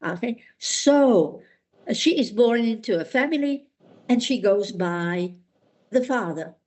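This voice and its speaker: A woman teaching a language class, explaining slowly and patiently with many small fillers. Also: on the high side, expressive, darkish tone. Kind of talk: classroom lesson.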